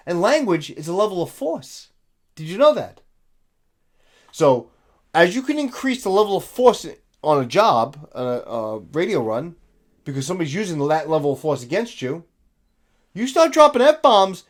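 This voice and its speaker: A middle-aged man giving blunt, profane reaction commentary in a lecturing tone. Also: high voice.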